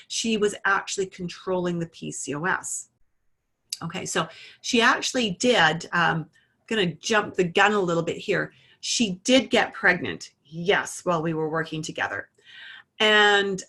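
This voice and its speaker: A woman's voice: medium pitch, sharp tone. A woman teaching iridology, walking through a client case in a conversational way and narrating a live demonstration. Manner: conversational, talks through a case story and adjusts a camera while speaking. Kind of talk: explanatory lesson with a live demonstration.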